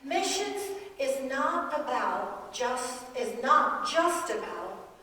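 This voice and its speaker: A woman's voice: high-pitched, slow pace. Feisty woman preaching in an echoey hall. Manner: feisty, animated, laughing often. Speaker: guest speaker, pastor's wife. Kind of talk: sermon. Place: church. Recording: echoey hall, mic from far off.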